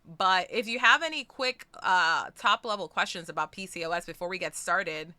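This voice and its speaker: A young woman hosts a live stream with a very bright, clear tone, recorded close and dry. She talks casually to her chat, excitable and quick to swear, swinging from easy chatter to squeals. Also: lowish voice, dry recording. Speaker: streamer hosting a charity stream.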